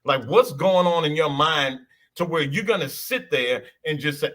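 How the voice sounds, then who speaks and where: Bright forceful dude, blunt, slangy, swears a lot, casual chat. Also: male voice, a little high, expressive, moderate pace. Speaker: co-host.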